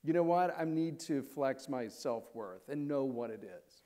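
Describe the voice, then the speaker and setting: A man's voice: mid-range voice, animated, unhurried, mellow. A man interviewing a guest on a live stage, asking long searching questions with restarts. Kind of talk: onstage interview.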